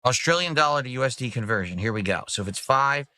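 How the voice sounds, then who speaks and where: A man's voice: mid-range voice, lively intonation, quick pace, bright, forceful tone, dry recording, studio quality. A man hosting a casual livestream, rambling about his plans and reading out donor messages. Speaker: streamer host.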